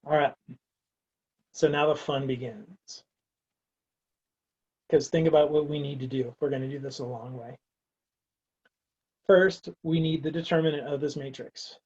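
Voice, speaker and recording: Husky man giving a casual math lecture. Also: fairly high pitch, steady tone, a little fast, a little mellow, muffled recording. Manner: casual, wry, talks through steps aloud. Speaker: math instructor.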